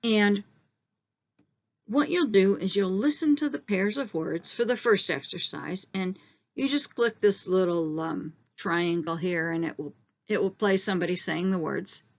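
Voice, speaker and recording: In a recorded online lesson, a female teacher with a mid-pitched voice explains each point step by step, slowing down on the key terms. The audio sounds a little dull.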